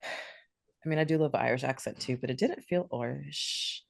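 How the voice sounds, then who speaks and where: A young woman co-hosting a podcast, chatting in an animated way and laughing often. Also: rumbling low, moderate pace, gravelly, dry recording, clean studio sound. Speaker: podcast co-host. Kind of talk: casual chat.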